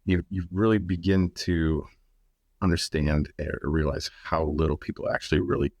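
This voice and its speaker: A man's voice: extremely low pitch, little pitch movement, moderate pace, a little mellow, dry recording. A man appearing as a podcast guest, speaking bluntly and frankly and swearing casually.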